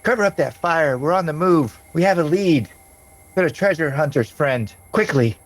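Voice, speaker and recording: A man's voice: a little high, lively intonation, normal speed, pitched above the performer's own voice, low-quality recording. Brief: bossy woman leading a band of raiders in a tabletop game, voiced by a man, short clipped orders. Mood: commanding. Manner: curt barked orders. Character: commanding female bandit leader.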